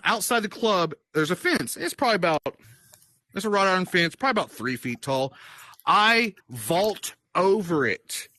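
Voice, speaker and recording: A man casually telling a wild party story in an animated, profane way, often laughing as he goes. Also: high-pitched, dry recording. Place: virtual-world chat session.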